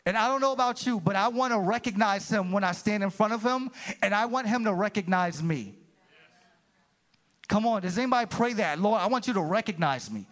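A man preaches a sermon in a church sanctuary. He is animated and keeps calling out to the congregation for a response. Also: sits high, a little fast. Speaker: pastor.

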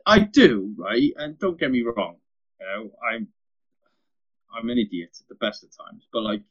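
A man's voice: medium pitch, moderate pace, husky, lo-fi sound. A young father, telling stories in a casual podcast chat, swearing freely. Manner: sweary, animated anecdote teller.

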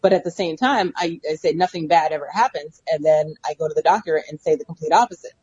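A woman's voice: deep voice, quick pace, a little mellow, breathy edge, no echo, dull audio. A woman co-hosting a casual talk show, chatting candidly, telling stories and laughing easily. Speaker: podcast co-host. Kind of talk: casual chat.

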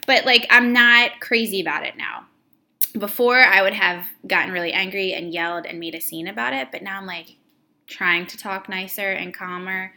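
Female co-host, mother, bright tone, blunt and candid storyteller. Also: mid-range voice, normal speed. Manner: candid storytelling, swears freely. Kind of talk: casual chat.

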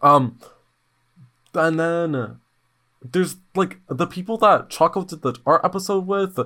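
A podcast host, male, spins stories during a casual chat at a slow pace. He talks bluntly and with slang, staying animated, with sudden excited spikes in pitch.

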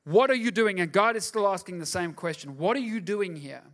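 A man's voice: sits high, brisk, a bit bright. A pastor preaching a sermon, pressing his listeners with repeated, emphatic questions.

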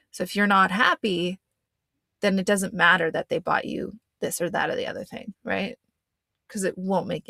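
Woman podcast host, young adult, casual chat, loose and rambling, lowish voice, dry close sound. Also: fairly bright tone, no room sound.

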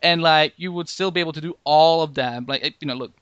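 A man with a somewhat high voice hosts a casual podcast chat, meandering through his thoughts with lots of "like" and false starts. The sound is dry and close, with no room around it. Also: fast, fairly bright tone, clean tone, no room sound, lo-fi sound. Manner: rambling, with frequent "like" and restarts. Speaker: podcast host.

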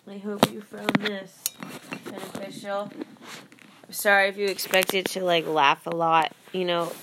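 Slow, gravelly-voiced woman podcast host. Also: mid-range voice, little pitch movement, very noisy. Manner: rambling, loose, with many fillers. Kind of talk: casual self-help monologue.

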